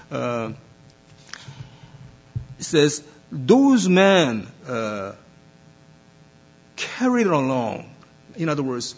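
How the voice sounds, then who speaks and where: A man preaching a sermon as pastor, speaking deliberately with many pauses and fillers. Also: medium pitch, husky, highs cut off.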